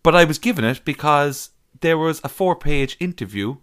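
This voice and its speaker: A man's voice: on the high side, lively intonation, moderate pace, fairly bright tone, clean tone. A man telling a story in casual podcast banter, swearing freely and laughing. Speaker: podcast co-host.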